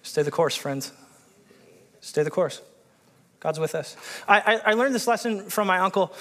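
A man preaching a sermon, reading scripture aloud and breaking off into excited commentary. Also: high voice, moderate pace, big-room sound. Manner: animated, excitable, acts out biblical characters with voice shifts. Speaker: pastor.

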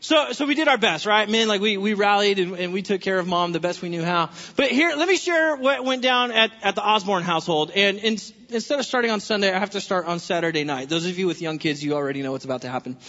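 A man's voice: high voice, quick pace, few pauses. A man pastor preaching a sermon in a church, telling family stories with humorous asides. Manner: animated storytelling, humorous asides. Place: church sanctuary. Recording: reverberant hall, dull lo-fi sound.

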